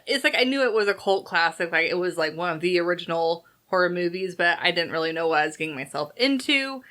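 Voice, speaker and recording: A woman's voice: lowish voice, bright, forceful tone. A young woman co-hosting a movie review show in casual chat, playful and giggly with lots of fillers.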